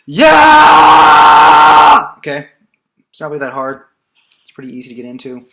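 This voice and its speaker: A man giving a casual singing lesson as a voice teacher, explaining in a loose, relaxed way with plenty of fillers. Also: medium pitch, racing.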